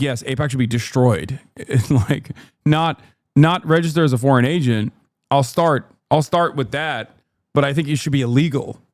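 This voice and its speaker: A man's voice: medium pitch, darkish tone, dry recording. A man giving casual livestream commentary on a debate clip, sarcastic and heated, swearing and laughing often. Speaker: streamer reacting to a debate clip.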